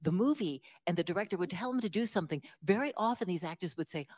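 A woman with a slightly low voice tells stories as an author guest in an interview. She talks in an animated, self-deprecating way, with frequent laughter. Her voice sits a little lower than most women's. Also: quick pace. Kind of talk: conversational interview storytelling.

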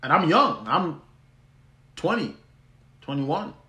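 A man's voice: fairly high pitch, big pitch swings, slow, pushed and bright. Man storytelling in a roomy echo. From U.S. Virgin Islands. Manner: conversational, many restarts, laughs easily. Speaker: podcast host. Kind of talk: personal storytelling monologue.

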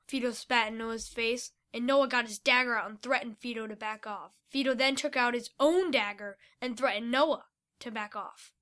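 A woman reads an adventure story aloud with a high, bright voice. Her narration is lively and animated, carrying the action forward with energy. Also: moderate pace.

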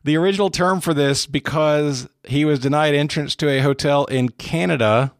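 A man's voice: a little high, normal speed, no room sound, clean studio sound. A man hosting a casual trivia game, reading questions and teasing the players playfully. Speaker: trivia quiz host.

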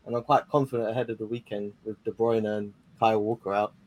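A man calling in to a football podcast, chatty and joking in an excitable way. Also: lowish voice, fast. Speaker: caller. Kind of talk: casual football chat.

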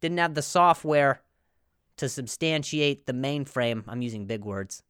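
Male podcast host, loose stammering comic delivery, very lively pitch, dry close sound. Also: a little slow, clear, resonant tone, dry recording. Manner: rambling, stammering, jokey, laughs often. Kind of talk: casual comedic monologue.

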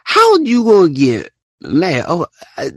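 A man hosting a live audio show, ranting in casual slang and often jumping into high, mocking quotes. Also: wildly swooping pitch, slow, breathy edge, no room sound, clean studio sound. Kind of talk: casual rant to listeners.

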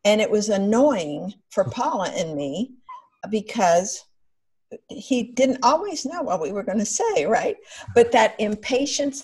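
A woman guest on a podcast, telling stories and explaining her ideas in a measured, earnest way. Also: mid-range voice, big pitch swings, darkish tone, breathy edge. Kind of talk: conversational podcast interview.

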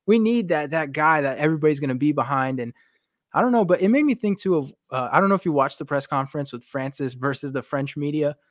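A man's voice: on the high side, fast, dry recording, studio quality. A man chatting casually on a podcast as a fight journalist, telling stories with acted-out quotes and casual swearing. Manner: animated storyteller, acts out quotes, swears casually. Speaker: MMA journalist.

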